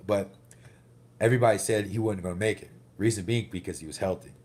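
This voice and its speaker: A man's voice: fairly low pitch, fairly even intonation, fast, darkish tone. A man vlogging casually after a car wreck, banged up, telling a rambling, profane, heated story. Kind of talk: casual vlog monologue.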